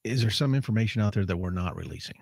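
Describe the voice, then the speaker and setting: A man with a fairly low voice hosts a radio interview show. He asks his guest questions conversationally, pausing now and then on an "um" or "uh". The sound is dry and close to the mic. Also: darkish tone, no echo. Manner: conversational, hesitant fillers.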